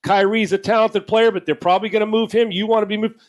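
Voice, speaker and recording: Profane ranting man with a high voice. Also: fairly even intonation, fast. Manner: profane, blunt, ranting with mock dialogue. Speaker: sports talk host. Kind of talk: heated sports talk rant.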